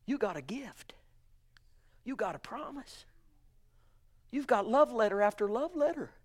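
Fervent male preacher, high bright voice, slow measured delivery that surges loud and drops to a hush. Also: very animated. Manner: swings between booming exclamations and hushed murmurs; fervent, calls listeners honey and sweetheart. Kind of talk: sermon.

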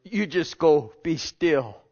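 A man preaching a sermon with passion, swinging between loud pleading and hushed, almost whispered lines. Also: on the high side, lively intonation, slow, slightly rough. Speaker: pastor. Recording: lo-fi dull sound.

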